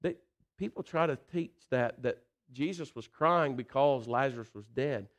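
A man preaching a sermon in a folksy, animated way, swinging between loud emphasis and quiet intensity and often saying "listen" and "you know.". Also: medium pitch, unhurried.

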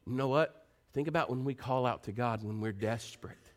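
A man preaching a sermon. He moves between quiet, earnest pleading and animated storytelling. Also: fairly quick. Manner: animated, rising to high excited pitch when telling stories.

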